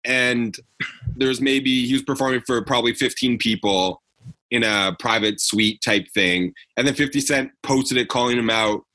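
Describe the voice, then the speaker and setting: A man's voice: medium pitch, moderate pace, pushed and bright. A young man co-hosting a podcast, chatting casually in a laid-back, slangy way and laughing often. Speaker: podcast co-host. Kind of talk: casual chat.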